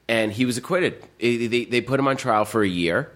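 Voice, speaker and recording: A podcast co-host with a lower-pitched, fairly bright voice rambles through anecdotes in casual chat, talking a little fast with few pauses. His stories are full of fillers and restarts.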